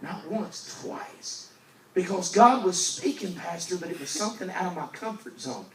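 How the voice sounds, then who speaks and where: A male evangelist, preaching a storytelling sermon and swinging from loud emphasis to hushed asides, recorded in a church. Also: sits high, animated, fairly quick. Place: church sanctuary. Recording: roomy church recording from a distance.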